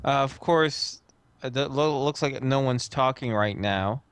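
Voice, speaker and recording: A man's voice: mid-range voice, measured pace, a bit bright, clean tone, no echo. A man playing a tabletop game, describing what his character does in the third person. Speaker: player. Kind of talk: casual tabletop role-play.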